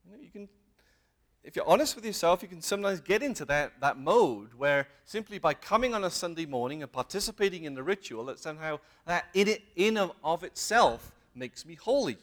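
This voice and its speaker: Animated and fairly quick, this man's fairly high voice carries an earnest sermon to the congregation gathered in a meeting hall. As a lay preacher, he keeps raising questions and pressing each point with emphatic rises.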